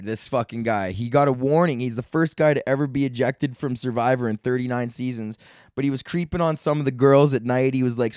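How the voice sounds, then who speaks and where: A man's voice: mid-range voice, darkish tone, no echo, clean studio sound. A young man hosting his own comedy podcast, rambling in a laid-back, profane, slangy way. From Canada. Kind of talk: casual solo rant.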